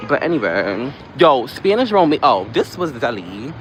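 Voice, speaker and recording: A man chatting casually on a live stream while walking outdoors, rambling from one topic to the next with quick asides. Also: mid-range voice, sing-song, fairly bright tone. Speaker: livestream host. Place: outdoors on a busy city street. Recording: noisy street with passing traffic.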